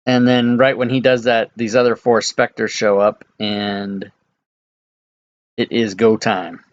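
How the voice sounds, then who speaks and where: A man running a tabletop game as dungeon master, reading out scenes in a relaxed, halting way with many fillers. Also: lowish voice. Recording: dull lo-fi mic.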